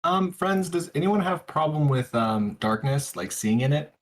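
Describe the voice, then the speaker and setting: A man playing a tabletop game, talking casually in a hesitant, halting way. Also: on the high side, animated. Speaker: player.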